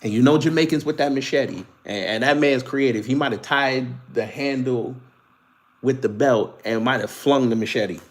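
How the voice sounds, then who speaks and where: Young male host, sarcastic and animated, casual streaming commentary. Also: medium pitch, moderate pace. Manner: animated, sarcastic, laughs often.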